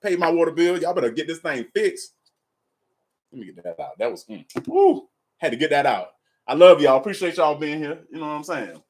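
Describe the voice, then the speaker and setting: A man's voice: fairly high pitch, sing-song, brisk. Laid-back man hosting a live tarot stream. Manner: laid-back, talks straight to viewers, swears casually. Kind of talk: casual live stream chat and reading aloud. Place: at home in an apartment.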